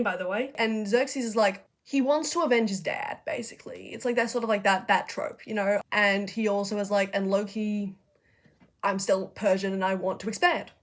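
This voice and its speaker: A young woman casually retelling history in a slangy, profane, chatty way, hosting a video essay. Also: mid-range voice. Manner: profane, chatty, acts out figures in quick asides.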